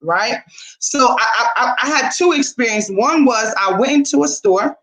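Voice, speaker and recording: A woman's voice: on the high side, normal speed, echoey room, rough recording. A woman co-hosting a casual talk show, telling a story animatedly and acting out the dialogue. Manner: animated, acts out quoted dialogue.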